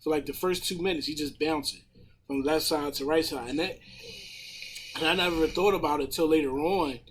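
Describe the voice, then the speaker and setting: A man in casual podcast chat, retelling a story in a profane, animated way with a husky voice. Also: on the high side, moderate pace, a little hiss or hum. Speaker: podcast panelist.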